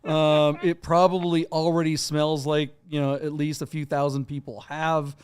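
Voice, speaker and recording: A man co-hosting a live car auction stream, with a fairly high voice that is smooth and clear. He talks casually and bluntly, with sarcastic asides and plenty of fillers. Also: flat delivery, normal speed.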